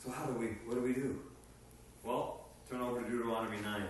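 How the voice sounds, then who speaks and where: A man preaching a sermon, animated and rising to emphatic bursts. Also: mid-range voice, fast talker. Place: meeting hall. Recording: echoey room from far off with faint noise.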